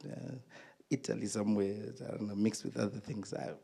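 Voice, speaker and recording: A man with a South African accent doing live stand-up comedy on stage, telling stories in an animated, exclamatory way. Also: fairly low pitch, a little fast, vocal fry, husky. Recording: long hall reverb.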